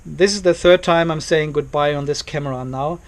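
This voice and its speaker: A man's voice: on the high side, brisk. Exasperated man ranting to camera. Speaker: car vlogger. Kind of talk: casual vlog to camera. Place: home carport, outdoors.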